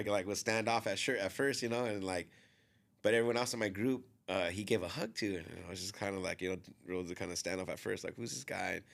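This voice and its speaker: Low-voiced man telling a rambling story. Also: gravelly. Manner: rambling, filler-heavy, often quotes others. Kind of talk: casual storytelling on a podcast.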